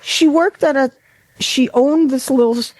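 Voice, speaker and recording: A woman's voice: sits high, measured pace, darkish tone, no room sound. A woman from Buffalo, New York, co-hosting a podcast, telling rambling stories in casual chat and swearing freely. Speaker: podcast co-host.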